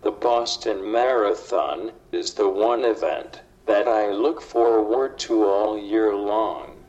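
Computerized male speech voice, slow and lowish, dull lo-fi playback. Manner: flat, evenly spaced machine delivery. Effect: computerized synthetic voice.

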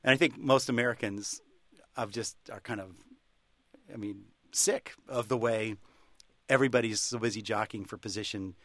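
A man being interviewed on radio about his book, joking wryly and deadpan, with halting restarts. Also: on the low side, no room sound. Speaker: author guest.

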